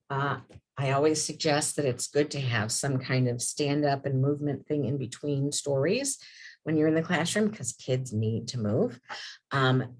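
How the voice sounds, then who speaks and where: A middle-aged woman and former preschool teacher talking volunteers through calming activities and reading picture books aloud in a sing-song voice. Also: very deep voice, breathy edge.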